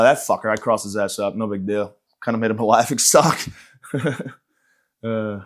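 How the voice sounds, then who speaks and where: Brief: male comic podcast host, average pitch, rambling profane sarcastic monologue. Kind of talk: ranting comedic monologue.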